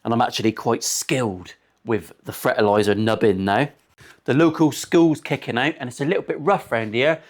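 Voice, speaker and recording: A man in his 40s, a luthier, chats casually while working on a guitar in his workshop, his medium-pitched voice moving at a normal speed. He rambles into crude jokes and swears frequently throughout his banter.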